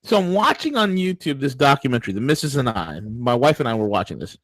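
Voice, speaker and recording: A man co-hosting a political talk show, telling stories in a mocking, crude, animated way. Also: mid-range voice, fast, no room sound, rough recording. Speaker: co-host.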